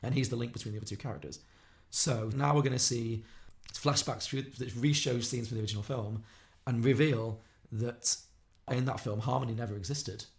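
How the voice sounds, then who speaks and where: A man on a podcast, retelling a film plot quickly and acting out the characters' lines. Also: mid-range voice, steady tone, vocal fry. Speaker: podcast co-host. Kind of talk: casual film podcast recap.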